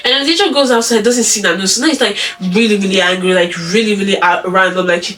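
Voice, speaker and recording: A woman's voice: mid-range voice, fast talker, fairly bright tone, a little hiss or hum. Chatty woman recapping, mic far off. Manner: chatty, many fillers. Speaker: vlogger. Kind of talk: casual episode recap. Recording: distant mic, faint music behind.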